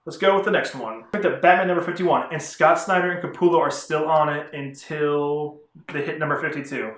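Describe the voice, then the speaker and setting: Give me a chatty man with a slightly high voice reviewing comics in a roomy space. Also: fairly even intonation, a little fast, fairly bright tone. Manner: rambling, chatty, self-correcting. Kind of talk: casual vlog review. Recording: roomy echo.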